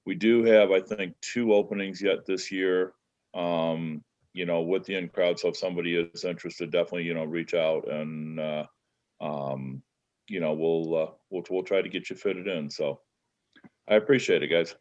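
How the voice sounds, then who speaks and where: A man with a Midwestern American accent, a guest on a video call, talking earnestly and gratefully with halting fillers. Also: sits low, fairly even intonation, a little mellow, muffled recording. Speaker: guest, networking group leader. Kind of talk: casual chat.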